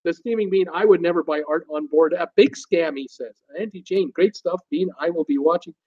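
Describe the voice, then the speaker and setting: An animated man hosts a live stream, reading viewer comments aloud and reacting to them. His voice sits a little high. The audio is dull and lo-fi. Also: fairly quick. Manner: animated, reads comments aloud with frequent fillers and laughs. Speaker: host of a cruise live stream.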